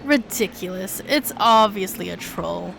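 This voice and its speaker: A woman streamer reading a visual novel aloud, with sudden excited leaps in her voice. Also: a little slow, gravelly, faint music behind. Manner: animated reading with sudden high excited jumps.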